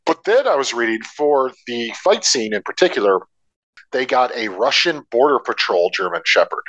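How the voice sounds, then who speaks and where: Man, podcast co-host, lively swooping pitch, dry close sound, sarcastic asides. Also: moderate pace, no echo, dull audio. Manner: animated storyteller, sarcastic asides. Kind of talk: casual film discussion.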